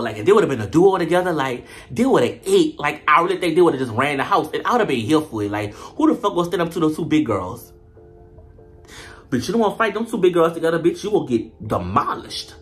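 Male comedic reviewer, high-pitched, sassy and profane, faint background music. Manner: sassy, profane and animated, full of slang. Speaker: show reviewer. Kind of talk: comedic reality-TV recap.

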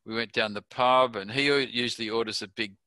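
A man's voice: medium pitch, fairly even intonation, fairly quick, pushed and bright, dry recording. An older Australian man being interviewed, telling a chatty anecdote and chuckling at his own story. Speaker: interview guest.

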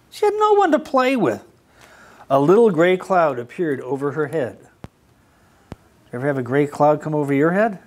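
In a library, a man reads a picture book aloud to children during storytime, asking them questions as he goes. He is animated, his voice is on the high side, and there's slight background noise.

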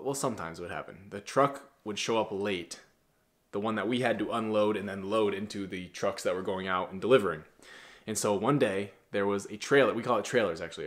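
A young man in his twenties lectures in a blunt, preachy way, full of casual slang. His voice sits a little low as he coaches other men on how to carry themselves. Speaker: masculinity coach. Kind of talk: casual motivational monologue.

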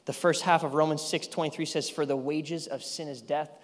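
A man in his thirties, a pastor preaching a sermon, telling a story with lively energy, sometimes yelling and laughing. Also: on the high side, fairly quick. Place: large church hall. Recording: church hall reverb.

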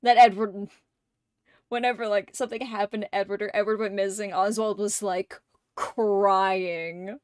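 A young adult woman streamer in casual chat, gushing like an excited fan and swearing and laughing often. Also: mid-range voice, takes it slowly, no room sound, clean studio sound.

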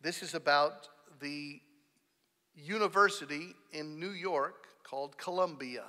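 A man preaches from the pulpit in a high, bright voice. He leans hard into stressed words, climbing to loud peaks. His voice rings with the long reverb of a church hall. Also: unhurried. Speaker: pastor. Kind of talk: sermon. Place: church sanctuary.

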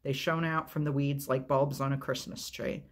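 A man reads a novel aloud as a storyteller, in a steady, measured, unhurried way. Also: mid-range voice.

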